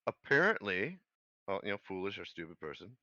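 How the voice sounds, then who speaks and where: A man with a lowish but lively, bright voice reads word origins aloud in a casual chat. The sound is dry and close. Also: fairly quick, dry recording, highs cut off. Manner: curious, reads out definitions. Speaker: voice chat participant.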